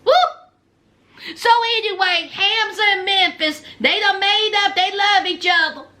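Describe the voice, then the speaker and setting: A woman's voice: extremely high pitch, measured pace, sharp tone. A woman with a Southern US accent, recapping a reality TV show in casual, sassy storytelling with playful trash talk.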